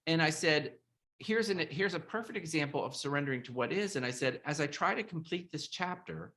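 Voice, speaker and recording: A host talking in a casual interview over a video call, halting and repeating words, emotional and animated. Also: mid-range voice. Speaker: podcast host and author.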